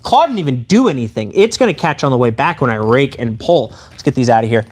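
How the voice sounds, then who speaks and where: A man live-streaming a demonstration of improvised weapons. He talks to his chat in an excitable, playful way. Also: mid-range voice, fast. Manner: excitable and playful, addressing viewers directly.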